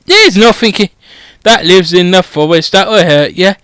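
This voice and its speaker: A man voicing a gruff, foul-mouthed groundskeeper who swears constantly and rambles bluntly. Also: high voice, normal speed, a bit bright, no room sound. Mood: rambling.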